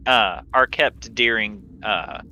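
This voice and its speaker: A man's voice: lowish voice, takes it slowly, sharp tone, dull audio, slight background noise. A man narrating a tabletop game as game master, describing scenes with small restarts.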